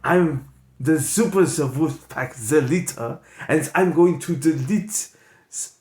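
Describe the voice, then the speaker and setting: A man's voice: fairly high pitch, slow pace. A man hosting an improv comedy stream, talking in a rambling, joking, loose way as he wraps up. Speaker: comedy channel host. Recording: echoey room, loud background noise.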